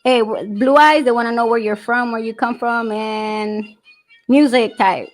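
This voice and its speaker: A woman's voice: on the high side, measured pace, faint music behind, low-quality recording. A middle-aged woman hosting a livestream, talking casually with brash, profane humor and frequent laughter. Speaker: livestream host. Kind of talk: casual chat. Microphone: streaming setup.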